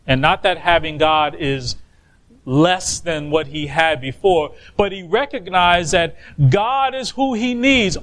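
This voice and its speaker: A man preaching a sermon, with emphatic, drawn-out stresses on key words. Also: a little high, fairly bright tone.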